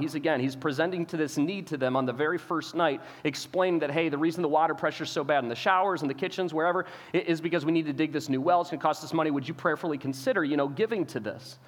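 A man's voice: on the high side, fast talker, few pauses, in a large hall. A pastor telling a sermon story, acting out dialogue and repeating words as he starts his phrases.

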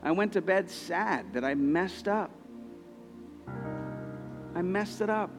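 A man's voice: high-pitched, takes it slowly, long reverb tail, music in the background. A man in his thirties preaching a sermon, telling personal stories in an earnest way, often restarting his sentences. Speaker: pastor.

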